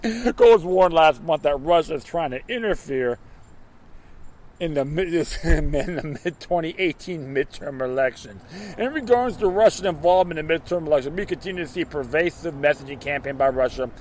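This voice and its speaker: A man's voice: fairly high pitch, animated, normal speed, darkish tone, slight background noise. A man reading political news aloud and breaking off into sarcastic, mocking commentary, often tripping over his words.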